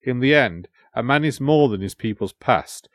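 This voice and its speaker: A calm companion who speaks earnestly and reflectively, as a male narrator puts him on. His delivery is even and unhurried. The sound is dry and close. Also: mid-range voice, no room sound, natural voice.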